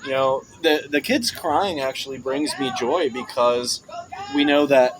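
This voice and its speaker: A man's voice: medium pitch, a little slow, a crowd in the background, poor audio. Young male guest telling jokey stories. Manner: joking storyteller, laughs often. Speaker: podcast guest. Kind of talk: casual chat.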